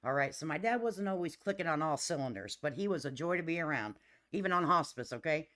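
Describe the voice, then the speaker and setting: A middle-aged woman hosting a livestream, telling stories in casual chat, laughing often, and talking lively and emphatically to her viewers. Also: low voice, quick pace. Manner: laughs often, lively and emphatic, addresses listeners as honey and baby. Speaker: livestream host.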